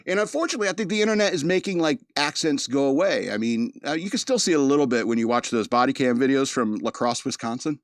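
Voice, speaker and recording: A man's voice: mid-range voice, animated, fast, hardly any pauses, no echo. Man, mid-Atlantic American accent, podcast host, loose joking monologue, dry recording. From East Coast of the United States. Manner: rambling, joking, laughs often. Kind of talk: casual monologue.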